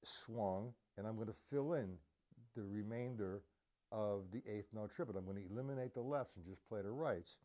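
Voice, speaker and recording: Loud music plays under this man's fairly low voice as he speaks at normal speed in a live-streamed drum lesson. The teacher talks casually, demonstrating beats by counting them aloud and scatting drum sounds.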